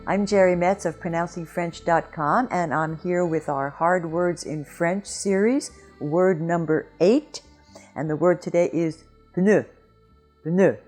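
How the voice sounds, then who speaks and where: A woman teaching French pronunciation in a video lesson, patient and deliberate, repeating words slowly to model each sound. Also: lowish voice, darkish tone, faint music behind.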